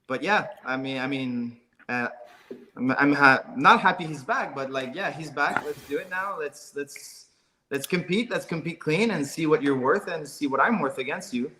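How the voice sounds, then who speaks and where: A man's voice: fairly high pitch, normal speed, sharp tone, slight background noise. A Canadian man, a guest athlete, talking bluntly in a casual interview and repeating his words. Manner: blunt, repeats himself, competitive.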